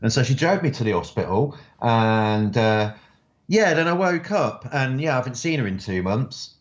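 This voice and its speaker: A man's voice: mid-range voice, expressive, normal speed, roomy sound, dull audio. A man, a writer, chatting in an interview and telling stories with many fillers. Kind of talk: interview conversation.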